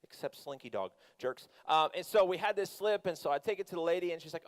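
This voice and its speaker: A middle-aged man, a youth pastor, preaching a sermon and telling a family story in an animated, conversational way with quick asides. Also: on the high side.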